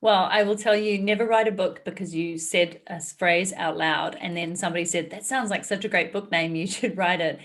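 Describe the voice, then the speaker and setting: A woman with a New Zealand accent, a guest author telling stories in a lively, laughing way. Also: lowish voice, fairly quick, hardly any pauses. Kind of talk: casual interview storytelling.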